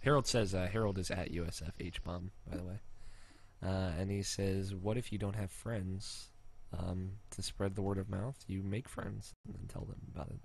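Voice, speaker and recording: Guy hosting a chatty podcast, kinda low voice, lots of ums, swears a bunch. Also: fairly even intonation, normal speed, creaky, darkish tone. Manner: hesitant, lots of ums, swears and laughs easily. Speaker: podcast host. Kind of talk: casual chat, reading listener mail.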